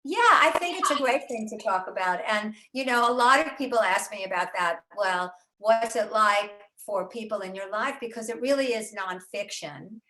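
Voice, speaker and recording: An older woman talks chattily and animatedly, full of fillers and restarts. Her voice is bright and forceful. The sound rings in a roomy home writing studio. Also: mid-range voice, lively intonation, moderate pace, few pauses. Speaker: author and host. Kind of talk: casual conversation about writing. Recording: roomy echo.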